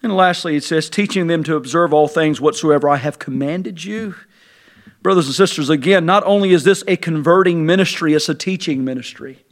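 A male pastor preaching a sermon in a church sanctuary, swinging between hushed, intimate passages and fervent shouted climaxes. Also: a little high, a little fast.

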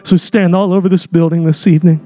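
A man preaching a sermon in a church, speaking in an emphatic, impassioned way that swells into shouts, with direct, folksy wording. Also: high voice, fairly even intonation, quick pace, faint music behind. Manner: folksy, direct, with casual slang. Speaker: pastor. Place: church sanctuary.

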